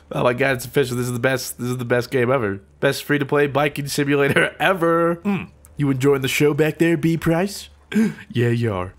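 A man with an American accent giving excitable, giggly let's-play commentary. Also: a little high, brisk. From United States. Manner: excitable, giggly, frequent shrieks. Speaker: gaming YouTuber.

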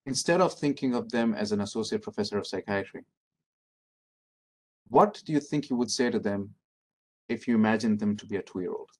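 A middle-aged man presents an interactive training workshop, calmly and encouragingly reading out answers from the audience. His voice is lowish, his pace moderate, and he pauses often.

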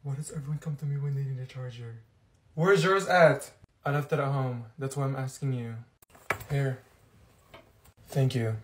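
A man's voice: medium pitch, roomy sound, a little hiss or hum. A man performing a comedy sketch in which he plays every part himself. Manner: switches fast between sassy students and a teacher. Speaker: comedy sketch creator playing all parts. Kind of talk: sketch comedy, voicing several characters.

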